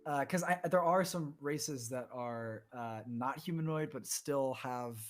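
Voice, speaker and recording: A man on a casual tabletop podcast, talking slowly and haltingly with many fillers as he searches for words. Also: mid-range voice. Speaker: podcast host and player. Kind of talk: casual chat.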